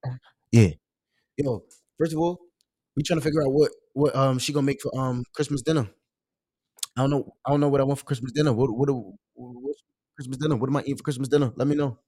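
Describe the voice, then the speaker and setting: A man hosting his own live stream in loose, casual chat, swearing freely and jumping up in pitch when he gets excited. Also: slightly rough, no room sound. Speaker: livestream show host.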